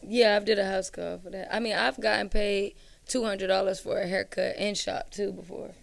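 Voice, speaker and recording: A woman's voice: medium pitch, moderate pace, vocal fry. A young woman barber, telling stories in casual conversation and acting out her clients' lines. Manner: animated storytelling, acts out clients' lines.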